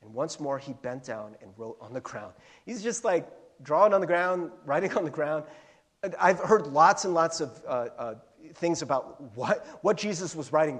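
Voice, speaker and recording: Here a pastor's sermon unfolds as a story, punctuated by chuckles and energetic asides. He speaks at a moderate pace in a fairly high, slightly husky voice.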